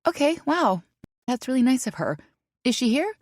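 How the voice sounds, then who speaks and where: A woman's voice: sits high, sing-song, normal speed, darkish tone, dry recording, clean studio sound, voice pushed up. A woman voicing a flustered, eager young woman in her thirties who stammers and sounds breathless. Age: 30s.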